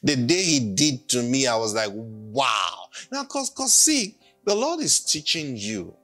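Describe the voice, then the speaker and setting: A man's voice: medium pitch, big pitch swings, unhurried, pushed and bright. A man preaching an emphatic sermon and leading the congregation in call-and-response. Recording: faint music behind.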